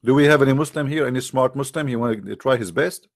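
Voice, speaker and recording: A man's voice: medium pitch, fast talker, no room sound, clean studio sound. Mocking, emphatic man arguing. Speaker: debate host. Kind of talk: argumentative religious debate talk.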